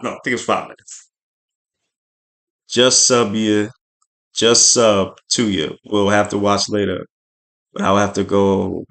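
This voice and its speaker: Man, livestream podcast host, animated swoops, chatty and rambling. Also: fairly high pitch. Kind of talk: casual spoiler review livestream.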